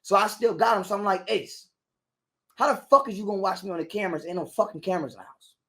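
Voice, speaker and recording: A man's voice: sits high, fast. A man, an interview guest, telling a profane story in casual conversation and acting out other people's lines as he goes. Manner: animated retelling that acts out other people's lines.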